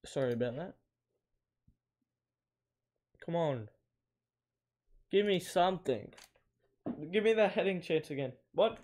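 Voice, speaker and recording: A young man with a somewhat high, darkish voice gives casual, animated commentary at a moderate pace while playing a football video game, with faint music in the background. The gamer gets frustrated often, yelping and groaning at missed shots.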